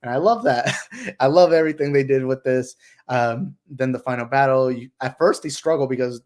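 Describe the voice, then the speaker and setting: A young adult man hosting a casual movie discussion livestream, excited and rambling, with lots of fillers. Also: mid-range voice, moderate pace. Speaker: channel host.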